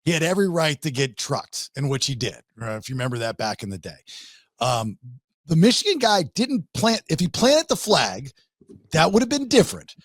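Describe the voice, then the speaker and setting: A man hosting a podcast, chatting casually about college football and rising in pitch when he makes a point. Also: very animated, moderate pace, no room sound. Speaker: podcast host. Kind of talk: casual sports chat.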